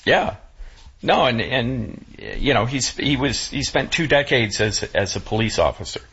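A man talking casually in a conversation, halting with many restarts, emotional and close to tears. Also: medium pitch, lively intonation, a bit bright, slightly rough, dull audio. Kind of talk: casual chat.

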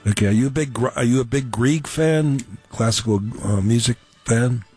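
A man's voice: medium pitch, moderate pace, darkish tone, breathy edge, faint music behind. A male radio host, chatting with callers and reading ads in a jokey way. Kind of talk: radio call-in and ad reads.

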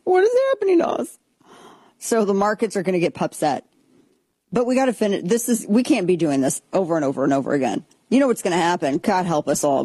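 A woman hosting a political talk show, giving blunt, sarcastic commentary in an animated way. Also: fairly low pitch, husky, dry recording. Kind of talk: opinionated commentary.

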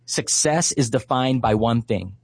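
A man's voice: medium pitch, measured pace, creaky, breathy edge, no room sound. Earnest man telling a faith story. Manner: heartfelt, with frequent "uh" and "you know". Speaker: ministry leader and guest.

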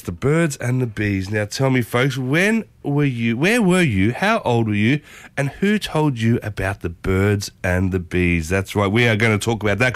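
A man in his thirties with an Australian accent, hosting a breakfast radio show in a playful, exuberant way, a little husky from a sore throat. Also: medium pitch, a bit bright, dry recording. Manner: exuberant, playful, jokey catchphrases. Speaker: radio host. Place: community radio studio. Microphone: studio microphone.

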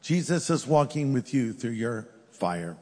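A man preaching a sermon, telling scripture stories with animated emphasis. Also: mid-range voice, unhurried. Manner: animated storytelling, voices scripture characters. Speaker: pastor. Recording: long hall reverb.

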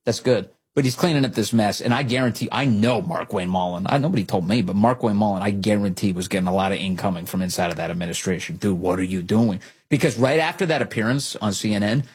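A man hosting a radio talk show, giving animated, opinionated, sarcastic commentary with a raspy voice. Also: lowish voice.

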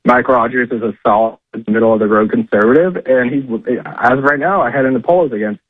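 Over a tinny, dry phone line, a man with a mid-range voice delivers brisk call-in political commentary as a correspondent. He talks conversationally and sprinkles in plenty of "uh" and "I mean."

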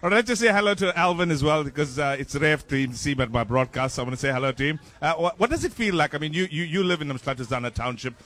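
A man's voice: a little high, expressive, fast talker, few pauses, fairly bright tone. Playful man hosting a breakfast radio show. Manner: jokey, playful, talking while tasting food. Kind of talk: live outdoor radio broadcast chat.

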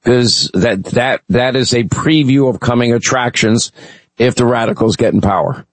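A man's voice: medium pitch, normal speed, dry recording, poor audio. A man hosting a talk radio show, giving emphatic, opinionated commentary with frequent fillers. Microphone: studio microphone.

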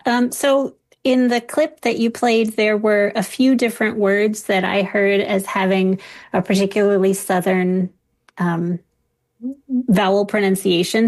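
A female linguist speaking as an expert guest, laying out points steadily in a clear, lecture-like way. Her voice sits at an ordinary pitch. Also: a little mellow. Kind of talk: expert interview.

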